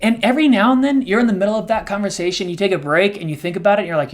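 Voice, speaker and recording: A middle-aged man co-hosting a podcast, talking candidly and emotionally, his voice swinging between soft and loud. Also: sits high, rapid-fire, hardly any pauses. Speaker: co-host.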